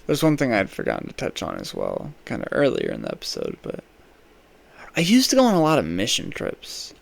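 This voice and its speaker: A young man hosting a podcast, telling a rambling, profane comic story, swinging between loud rants and mumbled asides. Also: lowish voice, huge pitch swings, fairly quick, creaky. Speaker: podcast host. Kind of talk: rambling comedic monologue.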